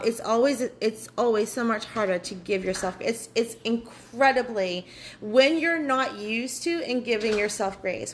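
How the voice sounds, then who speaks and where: A woman's voice: mid-range voice, rough recording. Woman host of a spiritual workshop, earnest and candid, swears a lot, faint hiss behind her. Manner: earnest, candid, swears freely, repeats phrases. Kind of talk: live online workshop talk.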